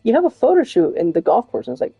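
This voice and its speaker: A woman's voice: a little high, sing-song, quick pace, mellow, slightly rough, no room sound, dull audio. A woman chatting casually while streaming a game, rambling and laughing often. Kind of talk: casual chat while gaming.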